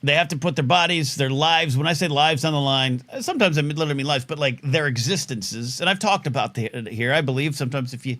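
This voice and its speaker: A man's voice: on the high side, fast talker, hardly any pauses, fairly bright tone. A middle-aged man hosting a live call-in talk show, telling rambling stories with lots of fillers and restarts.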